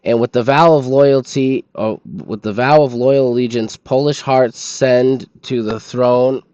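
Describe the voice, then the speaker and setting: A man's voice: medium pitch, fairly even intonation, a little slow, darkish tone, no echo, dull audio. Drowsy man reading game text aloud. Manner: stumbles over names, sleepy and yawning. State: sleepy. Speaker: streamer.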